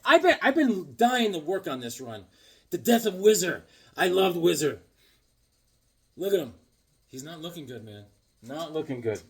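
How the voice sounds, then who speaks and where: Husky, animated joking man. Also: a little high, a little slow, pauses often. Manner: rambling joking storyteller, animated outbursts. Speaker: comic book vlogger. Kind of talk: comedic unboxing vlog.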